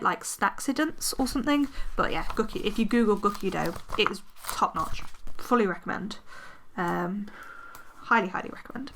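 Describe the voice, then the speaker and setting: A woman's voice: a little high, a bit bright, slight background noise. A woman chatting casually as she decorates her planner, rambling and poking fun at herself. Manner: chatty, self-deprecating, rambling with fillers. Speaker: planner vlogger. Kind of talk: casual chatty narration while crafting.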